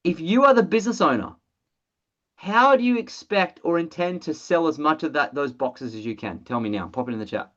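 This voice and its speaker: Blunt, excitable trainer voice, mid pitch, muffled video-call audio, casual swearing. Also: fairly quick. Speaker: presenter of an online training call. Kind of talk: energetic sales training webinar.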